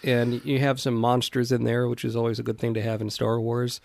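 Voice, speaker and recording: A man co-hosting a casual podcast about an old cartoon series, relaxed and thoughtful, with many hesitations. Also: mid-range voice, fairly quick, gravelly, slight background noise. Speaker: podcast co-host.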